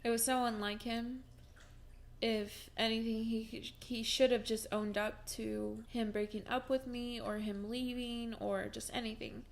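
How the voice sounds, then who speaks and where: A woman's voice: a little high, flat delivery, unhurried, creaky. A young woman vlogging from home, telling a personal story in a casual, chatty way with many fillers and restarts, and breaking into laughs as she talks.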